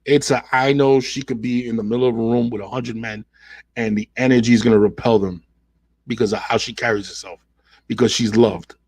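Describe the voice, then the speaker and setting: A man hosting a solo relationship podcast, talking in an animated way and acting out quoted voices as he makes his points. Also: medium pitch, fairly quick, breathy edge, no echo. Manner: animated, mimics women in quoted asides. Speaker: podcast host.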